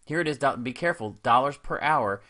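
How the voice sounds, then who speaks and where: A man's voice: mid-range voice, expressive, fairly quick, bright, forceful tone. A man teaching a recorded math lesson in an upbeat, casual and encouraging way, with slangy asides.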